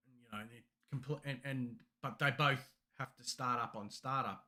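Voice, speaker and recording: A man's voice: medium pitch, normal speed. A man co-hosts a casual tech chat in an ordinary mid-range voice. He rambles along with restarts and acts out little quoted exchanges. It sounds like easygoing talk between mates. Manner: rambling, animated storytelling with acted-out quotes. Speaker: podcast co-host.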